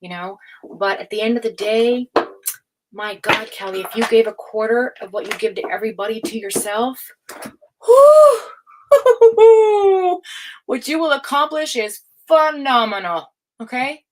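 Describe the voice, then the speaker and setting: A woman giving a casual livestream tarot reading, excitable, swearing freely and laughing often. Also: a little high, moderate pace, slight background noise, poor audio. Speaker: tarot reader.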